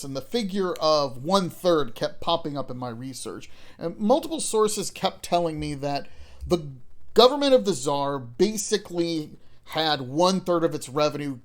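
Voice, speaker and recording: Guy hosting a strategy game channel, kinda high voice, chatty and a bit goofy. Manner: lively, chatty, self-mocking. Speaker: gaming channel host. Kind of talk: scripted gameplay commentary.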